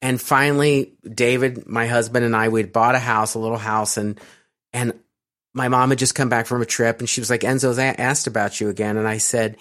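A man's voice: mid-range voice, steady tone, a little fast, fairly bright tone. A middle-aged American man being interviewed, telling personal stories in a rambling way with many fillers and restarts. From United States. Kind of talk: casual storytelling interview.

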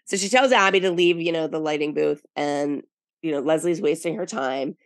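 A woman co-hosting a casual podcast, recapping episodes and acting out what people said in an animated storytelling manner. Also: deep voice, moderate pace, no room sound, clean studio sound. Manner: animated storytelling, acts out quotes. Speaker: podcast co-host.

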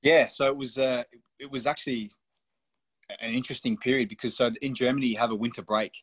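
A man's voice: medium pitch, fairly even intonation, fast, a bit bright, husky, no echo. A young man from Australia, a guest on a podcast, telling stories in loose, blunt, swearing chat. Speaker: podcast guest, professional footballer. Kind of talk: casual storytelling chat.

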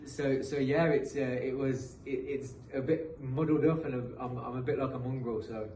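A man's voice: medium pitch, fairly even intonation, normal speed, dark tone. A British man in his thirties, a professional footballer telling his story as a podcast guest, earnest and motivational with frequent restarts. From England. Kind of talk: casual interview storytelling. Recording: roomy echo, distant mic, faint noise.

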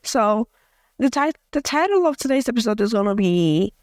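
A woman's voice: fairly high pitch, expressive, moderate pace, darkish tone, no echo. Young woman, from Africa, casual podcast rant, rambling, filler-heavy, dry close mic. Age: young adult. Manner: chatty, rambling, many fillers and restarts. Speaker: podcast host. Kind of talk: casual audio journal rant.

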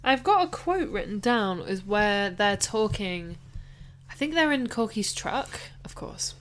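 An animated woman co-hosting a film podcast with a middling, everyday pitch. She chats casually and laughs easily as she talks about scenes. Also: unhurried, a little hiss or hum. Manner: animated, laughs often, tries voices. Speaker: podcast co-host. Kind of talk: casual film-review chat.

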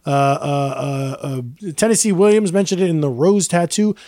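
Man, podcast co-host, casual chat, high voice, dry close sound, jokey rambling delivery. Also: moderate pace, dark tone, no room sound. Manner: jokey, rambling, with frequent fillers. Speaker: podcast co-host presenting the drink.

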